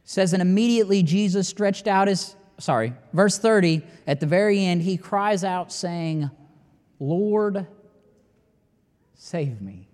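A man preaching with a notably high voice, pressing his points hard and letting long pauses hang. His sermon rings out with a long, lingering reverb, as if filling a big church sanctuary. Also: clean tone. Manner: emphatic, rising to near-shouting at climaxes with long dramatic pauses. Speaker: pastor. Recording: long reverb of a large hall.

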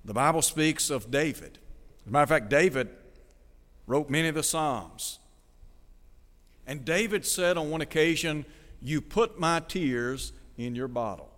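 Man, preacher, earnest radio sermon, fairly high voice, long hall echo. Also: unhurried, long pauses, fairly bright tone. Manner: earnest, asks the listener direct questions, reads scripture aloud.

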